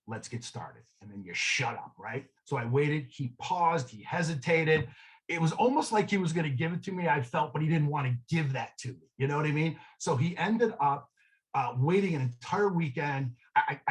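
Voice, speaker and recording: A man with a voice on the high side gives a real estate sales training talk, telling a story conversationally. He checks in with the room often, frequently asking "okay?" The recording is rough.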